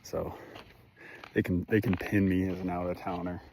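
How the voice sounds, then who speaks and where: Young man with a Michigan accent, winded, chatty hiking vlogger; low-ish voice, trail noise behind. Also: flat delivery, moderate pace, darkish tone. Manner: chatty, swearing, complaining. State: out of breath. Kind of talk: hiking vlog narration. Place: outdoors on a mountain trail.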